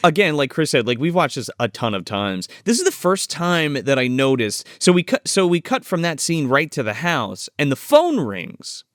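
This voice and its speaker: A man hosting a film review podcast, his pitch swinging widely as he talks. He swears freely and chuckles through his recaps. The sound is dry and close. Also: big pitch swings, normal speed, hardly any pauses, a bit bright, dry recording. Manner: swears freely, laughs, recaps scenes playfully. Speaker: podcast co-host. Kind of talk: casual film review chat.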